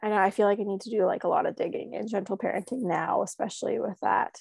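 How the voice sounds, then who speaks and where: A woman in a casual chat, speaking reflectively about parenting, with a mid-pitched voice and a gravelly fry. The sound is dry and close, with no room echo. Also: fairly even intonation, quick pace, darkish tone. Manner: reflective, fillers like "you know".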